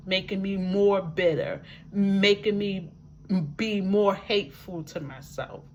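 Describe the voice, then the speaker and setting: A woman's voice: mid-range voice, a little hiss or hum. A woman speaking to her viewers in a personal testimonial, talking emphatically, repeating words for effect and dropping folksy asides. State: living with a disability, wheelchair user. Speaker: vlogger sharing her life with a disability. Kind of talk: personal testimonial talk to camera.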